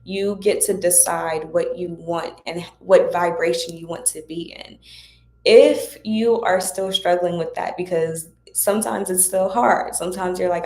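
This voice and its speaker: A woman with a low voice talks casually to her viewers, offering spiritual guidance in an encouraging, chatty way. Her voice rings around an echoey room. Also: steady tone, measured pace, a little mellow. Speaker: host of a spiritual Q&A livestream.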